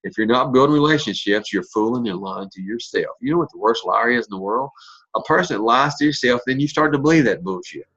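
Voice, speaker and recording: A man's voice: medium pitch, lively intonation, fast, a bit bright, breathy edge, lo-fi sound. Blunt folksy man in his fifties. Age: 50s. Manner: folksy, blunt storyteller with mild cursing. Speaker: network marketing leader. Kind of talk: motivational talk.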